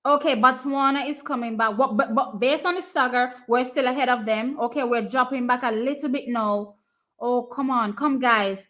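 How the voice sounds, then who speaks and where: A woman's voice: fairly high pitch, moderate pace. Chatty Jamaican woman cheering on a race. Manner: chatty and excitable, cheering teams on. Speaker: live stream watch party host. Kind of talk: casual live race commentary, answering chat.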